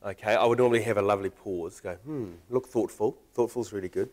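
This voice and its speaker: A man's voice: fairly low pitch, fairly even intonation, racing, darkish tone. A man, a panel guest speaking with dry, playful humour.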